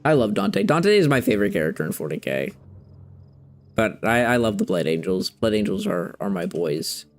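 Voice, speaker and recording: A man's voice: on the low side, very animated, moderate pace. A young man streaming a game, chatting casually and rambling, searching for words and using loose slang. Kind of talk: casual chat while playing a game.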